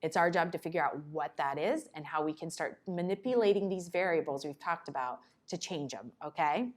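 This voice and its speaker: A woman giving a conversational conference talk to parents, breaking into quick acted asides. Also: low voice. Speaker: conference presenter on child behavior. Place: conference room.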